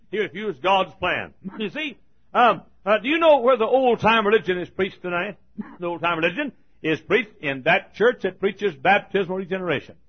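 A man preaching a fiery sermon as pastor, folksy and rising to thundering shouts. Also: high voice, expressive, moderate pace. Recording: lo-fi recording.

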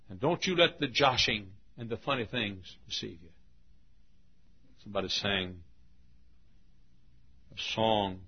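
A man's voice: fairly low pitch, gravelly, slightly rough. An older man, a pastor, telling stories from the pulpit in a folksy, humorous way, coughing often. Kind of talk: sermon storytelling. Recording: dull lo-fi recording.

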